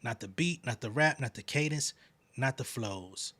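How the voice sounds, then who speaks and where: A man's voice: mid-range voice, lively intonation, normal speed, sharp tone. A man giving blunt, profane, dismissive reaction commentary. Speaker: reaction streamer.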